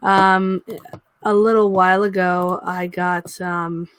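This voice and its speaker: A woman's voice: fairly low pitch, little pitch movement, takes it slowly, smooth, no echo. A young woman hosting a casual livestream, chatting to viewers and cooing baby talk to her dog. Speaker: livestream host.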